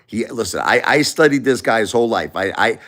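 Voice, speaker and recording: A man's voice: fairly low pitch, lively intonation, a little fast, fairly bright tone. A middle-aged man hosting a livestream, talking bluntly and emphatically, often repeating himself. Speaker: livestream host. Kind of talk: casual opinion talk.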